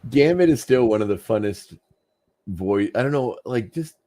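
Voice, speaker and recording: A man's voice: mid-range voice, animated, normal speed, dark tone. A man co-hosting a casual podcast, recapping a cartoon episode in a chatty way and laughing often. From Canada. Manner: chatty, laughs often, slips into jokey voices. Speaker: podcast co-host.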